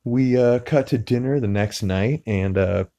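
A podcast host with a mid-range, warm voice speaks a little slowly, captured dry and at studio quality on a podcast mic. He casually recaps a TV episode, rambling with lots of "uh" fillers and frequent restarts.

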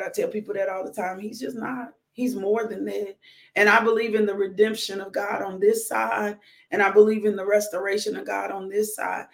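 A woman's voice: medium pitch, gravelly. A woman minister giving a devotional sermon, emphatic and repeating her phrases in casual speech.

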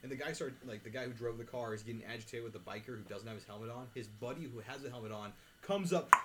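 A young man with a mid pitch talks fast while he recounts events to friends in a garage. He swears casually, and a faint room ambience sits behind him. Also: slight background noise. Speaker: podcast co-host. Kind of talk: casual chat. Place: home garage.

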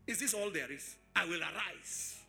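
A preacher putting on a proud fallen angel. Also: male voice, high-pitched, expressive, moderate pace, gravelly, sharp tone, soft background music, full character voice. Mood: scornful.

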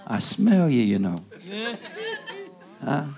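A man preaching a sermon in a loose, conversational style, tossing asides to the congregation and swinging between loud bursts and near-whispers. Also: mid-range voice, very animated, takes it slowly. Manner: call-and-response asides, rising to loud bursts then dropping to whispers.

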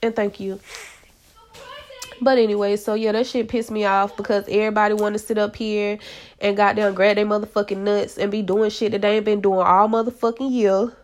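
A woman's voice: mid-range voice, little pitch movement, a little fast. A middle-aged woman hosting her own podcast from home, telling stories in a blunt, profane, slang-heavy casual rant. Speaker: podcast host. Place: at home, kids in hallway.

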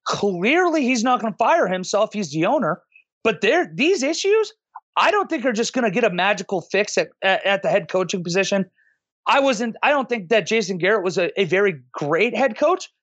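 A man's voice: sits high, sing-song, normal speed, a bit bright, no room sound. A man co-hosting a sports podcast, stumbling and restarting as he works through his points. His comments come with a sardonic edge. The voice is recorded dry, with no room sound. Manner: hesitant, restarts often, then sardonic. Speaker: podcast co-host. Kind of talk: casual sports podcast chat.

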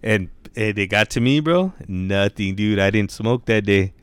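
A man's voice: lowish voice, measured pace, clean tone, dry recording. A young man telling stories in casual chat, with laid-back slang, heavy swearing and constant "bro" and "dude".

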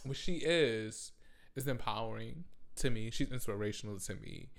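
A man ranting about pop culture in a vlog, swearing often and bursting into loud outrage. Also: mid-range voice, normal speed, creaky. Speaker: vlogger. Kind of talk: profane pop-culture rant.

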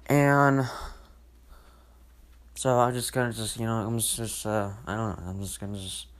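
A man's voice: on the low side, fairly even intonation, moderate pace. A man hosting his own podcast, talking alone in a rambling, emotional way, full of restarts and fillers as he vents. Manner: emotional and venting. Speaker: podcast host. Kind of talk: solo podcast monologue.

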